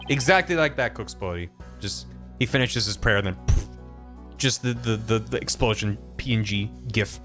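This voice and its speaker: A man streaming a game, making quick jokes and asides about what happens on screen. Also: lowish voice, fairly bright tone, faint music behind. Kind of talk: casual game commentary.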